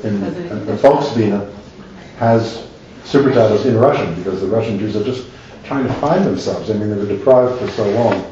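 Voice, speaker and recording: A man's voice: lowish voice, mellow, a little hiss or hum. An older man, an author, answering questions at a live talk, rambling with many restarts and asides. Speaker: author and speaker. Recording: echoey hall, distant dull mic.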